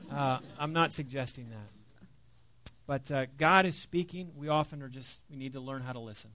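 A man's voice: mid-range voice, moderate pace. A middle-aged man giving a conversational, earnest sermon with a personal story, as the pastor. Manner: conversational, earnest, with many fillers and soft dips.

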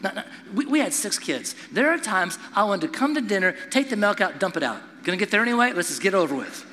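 A middle-aged man preaching a sermon to a congregation, telling stories and acting out voices in an animated way. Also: high voice, quick pace, long reverb tail. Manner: animated storytelling with acted-out voices. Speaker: pastor.

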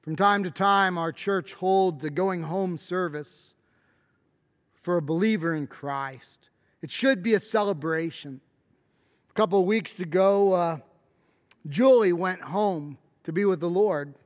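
High-voiced preacher in a reverberant hall. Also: male voice, a little slow. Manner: emphatic preaching, rising to shouted stresses. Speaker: pastor. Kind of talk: sermon.

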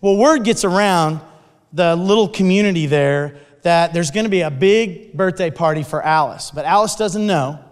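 A man telling a sermon story in an animated way, with frequent restarts. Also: high-pitched, clean tone. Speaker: speaker. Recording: long hall reverb.

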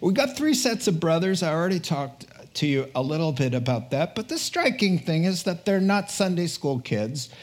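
Energetic higher-voiced male preacher. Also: normal speed, few pauses. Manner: energetic, exhorting, repeats words for punch; jokey asides, laughs at himself. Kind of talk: sermon.

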